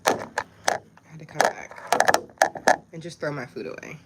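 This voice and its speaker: A woman with a low voice chats casually with her livestream viewers, talking straight to them in a loose, frustrated way. Steady background noise and small clicks sit under her voice throughout the home recording. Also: unhurried. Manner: chatty and frustrated, addressing viewers directly. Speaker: livestream host. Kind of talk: casual live chat with viewers.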